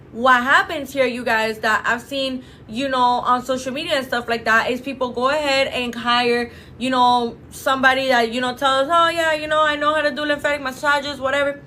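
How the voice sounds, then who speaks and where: A woman's voice: sits high, pushed and bright, a little hiss or hum. A woman from a clinic talking casually and emphatically to viewers, full of fillers and "you guys.". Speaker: clinic representative. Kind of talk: casual promotional talk to camera.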